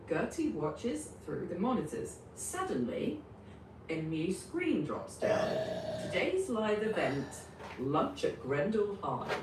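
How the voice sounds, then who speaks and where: A woman improvising and narrating a silly school story in a slow, animated way, heard from a distance in a roomy, noisy space. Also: fairly low pitch. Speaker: story co-writer.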